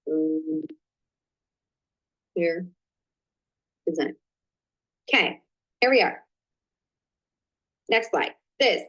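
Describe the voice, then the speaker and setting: A chatty, excitable woman hosts a live online coaching stream, her pitch swinging up and down as she talks. She talks straight to her viewers and drops into quiet asides to herself while she sorts out her slides, all heard through a computer mic. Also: rough recording. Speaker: host of a live business training.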